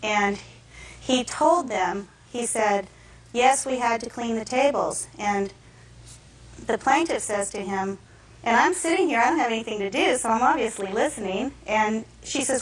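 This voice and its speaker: A woman defendant giving courtroom testimony, retelling events in an animated way and acting out the quotes. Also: on the high side, normal speed. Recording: echoey courtroom from far off.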